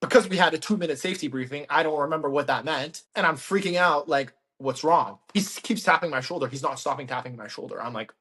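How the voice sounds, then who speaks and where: A podcast co-host tells a story during casual chat, animated and laughing as he acts out what people said. His voice is fairly high, and he talks fast with few pauses.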